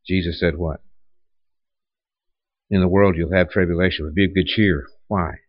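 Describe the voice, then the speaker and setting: A man's voice: sits low, fairly even intonation, normal speed, pauses often, no echo, highs cut off. A man preaching a sermon in a conversational way, with rhetorical questions and many restarts. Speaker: pastor.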